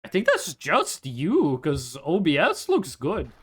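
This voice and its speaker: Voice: medium pitch, wildly swooping pitch, takes it slowly, breathy edge. A streamer from Norway with an American-sounding accent, rambling chattily through casual game commentary with lots of likes. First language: Norwegian.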